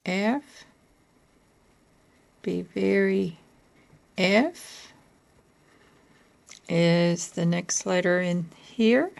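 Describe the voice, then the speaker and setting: A woman from Kentucky reading letters off a board one at a time, patiently asking questions and laughing softly now and then. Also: lowish voice, extremely slow, creaky, pauses often.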